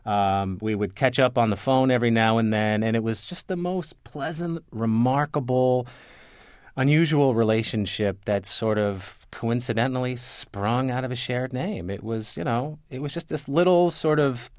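A man, a newspaper reporter, telling anecdotes in a relaxed interview, full of restarts, fillers and repeated words. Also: medium pitch, normal speed, no room sound, studio quality. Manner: rambling, many restarts and fillers. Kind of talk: conversational interview storytelling.

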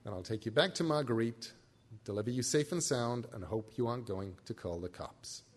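A man reading aloud as a quiet, steady grown man, low and subdued, sighing his words. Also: fairly quick, lightly acted. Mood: calm.

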